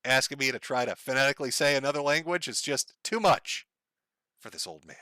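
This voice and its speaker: A man's voice: mid-range voice, expressive, fairly quick, sharp tone, no echo, studio quality. A middle-aged man streaming, chatting casually, reading donations and swearing freely with a wry, joking manner. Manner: profane, wry, laughs at his own jokes. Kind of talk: casual live-stream chat.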